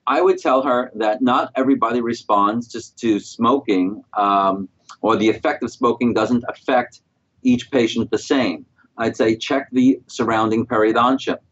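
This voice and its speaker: A middle-aged man answering interview questions as a guest specialist, calm and explanatory. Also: mid-range voice, normal speed, breathy edge, muffled recording. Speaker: guest periodontist.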